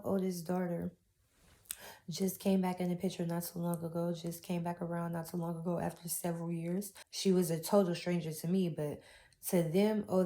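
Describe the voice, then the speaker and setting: A young woman recounts her own painful story in a raw, heartfelt testimony, using casual Southern-style grammar. Her voice is fairly low-pitched with a warm tone.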